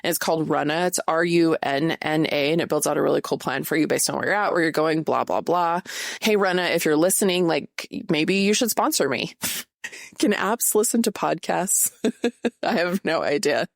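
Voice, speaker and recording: A woman's voice: sits low, moderate pace, gravelly, no echo, studio quality. A woman in her late thirties hosting a podcast, talking candidly and casually with lots of fillers. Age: 30s. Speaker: podcast host. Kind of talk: casual solo podcast talk.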